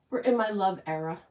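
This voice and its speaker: A woman's voice: medium pitch, darkish tone, roomy sound, distant mic, slight background noise, rough recording. A woman hosting a casual craft livestream, chatting and thanking viewers in an emotional, rambling way with many restarts.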